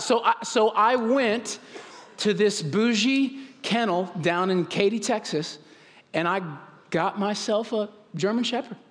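A man's voice: high voice, fairly bright tone. Man telling a funny sermon story. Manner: conversational, humorous, self-interrupting. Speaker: pastor. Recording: long hall reverb.

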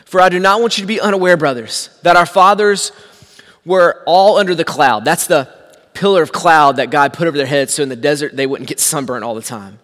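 A man preaching a sermon, telling the story with animated swings from hushed to shouting. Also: a little high, a little fast, long reverb tail. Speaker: pastor.

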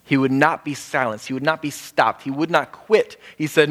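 Male preacher, animated storyteller who bursts high for quoted voices, hall echo. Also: moderate pace, hardly any pauses. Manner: animated, acts out quoted voices with sudden pitch jumps. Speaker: pastor. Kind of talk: sermon. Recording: hall with long reverb.

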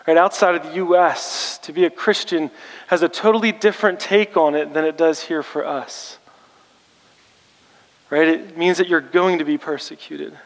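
In a large hall with poor audio, a male pastor preaches a sermon. He grows rallying and emphatic as he challenges the congregation, his pitch and force rising.

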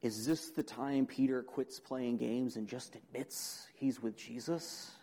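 A young man preaching a sermon, dramatic, asking the audience questions and swinging between loud emphasis and quiet. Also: medium pitch, measured pace, rough recording.

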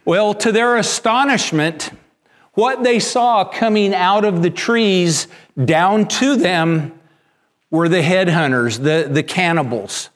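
A pastor delivers a sermon in an unhurried, measured way, often stumbling and repeating words as he tells his story. His voice is a man's, sitting noticeably high for a man.

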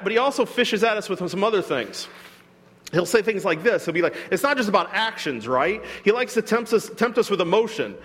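A man's voice: sits high, a bit bright, long reverb tail. A man preaching a sermon as a pastor, in a conversational way with self-deprecating humor, acting out quoted voices. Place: church hall.

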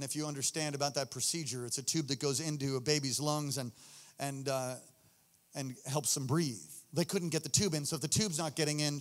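A man preaching a sermon with fervent passion, a sing-song cadence and swings from loud to hushed. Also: on the high side. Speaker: pastor. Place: church sanctuary. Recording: long reverb of a large hall.

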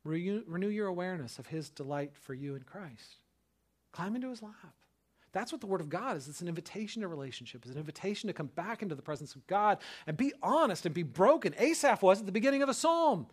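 A man preaching a sermon, talking in a conversational way with frequent "right?", who swings from loud rising outbursts to soft hushed tenderness. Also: high-pitched, expressive, fast. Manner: conversational, repeats words and asks "right?" often. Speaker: pastor.

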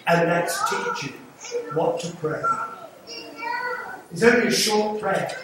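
An older man with an English accent preaching an earnest sermon as an evangelist, pleading with the congregation and making small jokes. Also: sits high. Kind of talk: sermon with altar call. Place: church sanctuary. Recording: echoey hall, mic far off, audible room noise.

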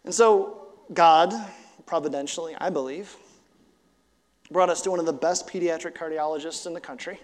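Guy pastor preaching, kinda high voice, tells stories w lots of rhetorical questions, echoey church hall. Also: fairly even intonation, moderate pace. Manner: earnest storytelling with rhetorical questions, casual fillers. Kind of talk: sermon. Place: church sanctuary. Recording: long church hall reverb.

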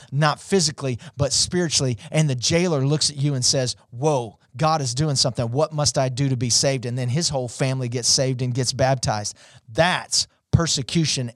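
A man preaching a sermon, impassioned and speaking straight to online viewers, rising to high, urgent peaks. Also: dry recording, studio quality. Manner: addresses online viewers directly. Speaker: pastor.

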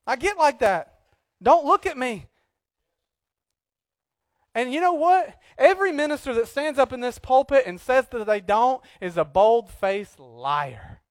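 High-voiced man preaching from a pulpit. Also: expressive, unhurried, no room sound, clean studio sound. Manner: swings from quiet asides to loud emphatic outbursts; joking, conversational preaching. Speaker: pastor. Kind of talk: sermon. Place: church pulpit.

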